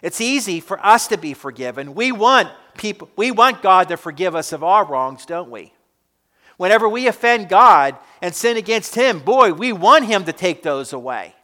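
High-voiced emphatic preacher man. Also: big pitch swings, moderate pace. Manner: emphatic, swinging between loud stresses and quiet drops. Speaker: pastor. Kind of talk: sermon. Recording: echoey hall reverb.

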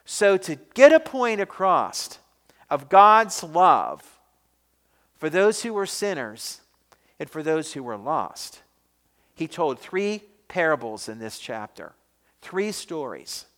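Male pastor, emphatic sermon delivery, clear and smooth voice. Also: on the high side, big pitch swings, slow pace, a bit bright, long reverb tail. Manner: emphatic preaching with rising, questioning delivery.

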